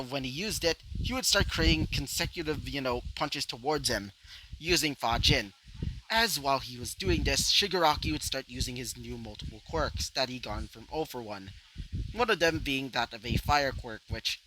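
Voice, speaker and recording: Rambling man telling a fan story. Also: medium pitch. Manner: rambling, with many fillers and asides. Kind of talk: casual fan story narration. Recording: noisy home recording.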